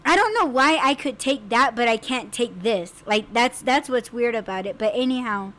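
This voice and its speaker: A woman hosting a podcast, telling a story in casual chat, animated and laughing as she acts out her own screams. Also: a little high, moderate pace, slight background noise. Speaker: podcast host.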